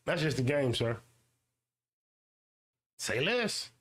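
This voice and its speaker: A man hosting his own show, ranting and swearing in slang, repeating himself and mocking others in high-pitched voices. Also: very animated, slow. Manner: loud swearing rant with slang and repetition. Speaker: YouTube show host. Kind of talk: ranting commentary monologue.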